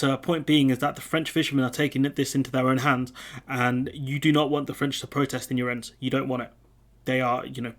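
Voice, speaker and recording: Flat-voiced man reading news. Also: medium pitch. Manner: casual, with frequent ums and asides. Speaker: political commentator. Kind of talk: reading and commenting on news articles.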